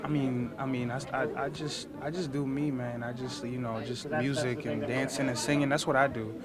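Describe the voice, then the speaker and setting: A man's voice: mid-range voice, fairly even intonation, normal speed. A man from a film's cast who jokes around in a goofy, mock-serious way, stammering through his answers. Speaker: film cast member. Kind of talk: casual event interview. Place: outdoor red carpet premiere. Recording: loud crowd outdoors.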